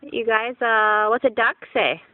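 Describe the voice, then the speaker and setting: A woman filming her small children at home, asking slow, encouraging questions in coaxing baby talk. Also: fairly high pitch, slight background noise. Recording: tinny, phone-like home video.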